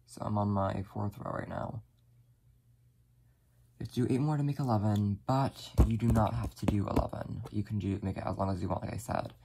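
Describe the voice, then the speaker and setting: A deep, creaky voice with fairly even intonation moves at a fairly quick clip, carrying a little hiss or hum. Soft-spoken and often apologetic, the crafting host leans on "like" while casually giving step-by-step instructions mid-project.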